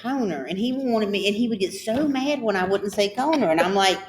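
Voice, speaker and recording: A woman's voice: mid-range voice, animated, a little fast, echoey room, a little hiss or hum. A woman with a Southern US accent, telling stories in casual chat and acting out conversations.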